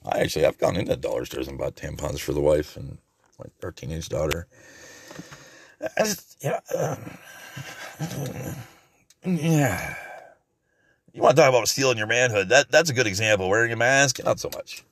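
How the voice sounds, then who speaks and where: A man's voice: on the low side, big pitch swings, normal speed, long pauses, fairly bright tone. A man in his forties hosting his own channel, ranting sarcastically and with plenty of swearing in a rambling political monologue.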